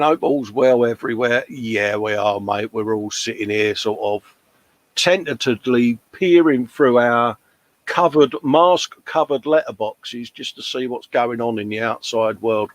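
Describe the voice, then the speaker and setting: A man's voice: mid-range voice, fairly even intonation, a little slow. A British man with an English accent, hosting a casual livestream chat, reading out viewer comments and calling people mate. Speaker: livestream host.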